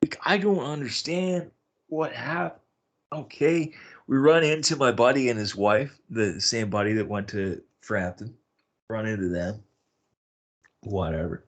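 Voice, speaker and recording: A podcast host tells a personal story in a relaxed way, cursing often. He sounds exasperated and baffled, and now and then he breaks into abrupt high-pitched outbursts.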